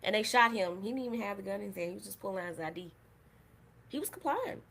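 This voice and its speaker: Female podcast host, heated profane monologue, bright edgy tone, faint room hum. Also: mid-range voice, very fast, creaky. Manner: impassioned, profane, swings from soft to shouting. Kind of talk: live-stream monologue.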